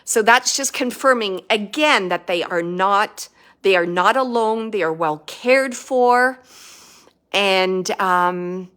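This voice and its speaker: A woman working as a psychic medium, giving a live spirit reading in a halting, emotional way with many fillers and restarts. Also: medium pitch, fairly bright tone.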